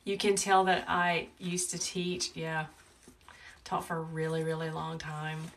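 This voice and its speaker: A woman with a Southern US accent hosting a live wreath-making tutorial, chatty and talkative, with a calm, soothing voice. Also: low-pitched, measured pace. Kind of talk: live crafting tutorial chat. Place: home wreath workshop. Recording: a bit distant from the mic, faint background noise.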